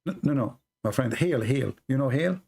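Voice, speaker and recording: Blunt, sarcastic man with a gravelly voice. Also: mid-range voice, animated, normal speed, darkish tone. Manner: blunt, sarcastic, presses the caller with repeated questions. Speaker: debate host. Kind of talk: live call-in debate.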